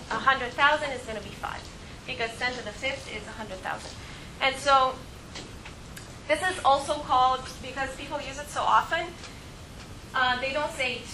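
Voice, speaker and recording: A woman's voice: high-pitched, noisy background. A woman giving a math lecture, explaining step by step with frequent fillers and restarts. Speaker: teacher.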